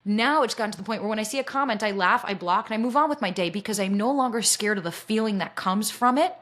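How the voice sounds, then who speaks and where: A woman dating coach talking candidly as a podcast guest, blunt and energetic, swearing freely. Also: medium pitch, fast talker.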